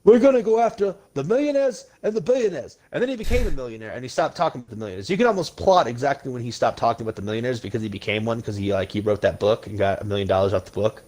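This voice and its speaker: A man's voice: fairly low pitch, racing, hardly any pauses, a little mellow. A man hosting a podcast, ranting casually and bluntly about politics with plenty of swearing. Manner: blunt, profane, heated. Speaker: podcast host.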